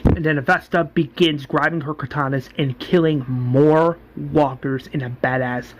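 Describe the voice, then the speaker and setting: A man's voice: a little high, fairly even intonation, normal speed, hardly any pauses, noisy background. A man casually retelling a story, rambling and often restarting his sentences.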